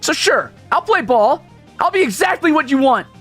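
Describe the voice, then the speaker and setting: A man voicing a bitter, scornful teenage alien troll girl who sneers and shouts. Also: very high-pitched, big pitch swings, normal speed, soft background music, pitched above the performer's own voice, heavily acted.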